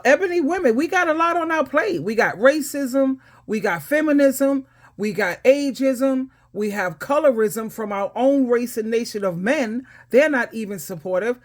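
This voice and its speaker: Emphatic middle-aged woman commentator. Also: sits high. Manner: emphatic, authoritative, preachy. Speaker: advice coach and commentator. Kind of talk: reaction commentary.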